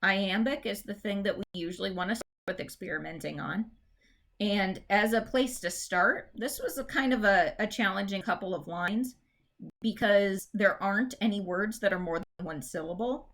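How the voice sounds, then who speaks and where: A woman teacher giving a recorded English lesson. She explains in a chatty, informal way and reads verse lines slowly, stressing the beats. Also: mid-range voice, a bit bright. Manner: chatty, informal fillers and restarts.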